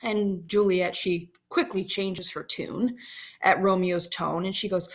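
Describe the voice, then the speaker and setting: A woman's voice: fairly low pitch, fairly even intonation, measured pace. A woman teacher casually explaining a play scene by scene to students.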